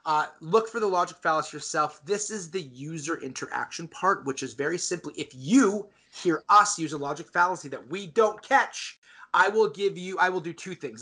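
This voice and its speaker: A man hosting a debate podcast, energetically explaining the show's rules to listeners. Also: a little high. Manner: energetic, talks straight to listeners. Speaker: podcast host.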